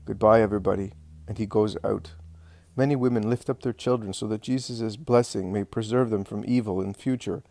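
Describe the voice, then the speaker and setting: Guy reading a religious story aloud, lowish mellow voice, dry close sound. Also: steady tone, no room sound. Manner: measured, earnest reading. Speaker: narrator. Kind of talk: scripted reading of a religious narrative.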